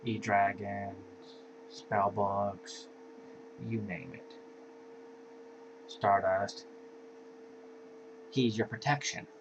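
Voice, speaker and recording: A man's voice: lowish voice, level tone, extremely slow, long pauses. A man casually walking through his card game deck in an offhand, laid-back way, with sighs and yawns between cards. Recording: dull lo-fi home recording with faint hiss.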